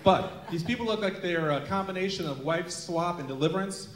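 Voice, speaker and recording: A man's voice: high voice, a little fast. A man doing self-deprecating stand-up comedy on stage at a benefit show, acting out voices. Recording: echoey hall with laughing crowd. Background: audience laughter.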